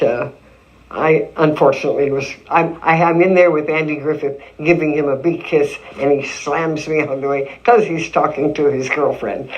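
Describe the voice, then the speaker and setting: An older woman in an interview, telling stories of her early acting career in a lively way, acting out what people said to her. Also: low voice, highs cut off. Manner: lively storytelling with acted-out quotes and laughs. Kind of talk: reminiscing interview.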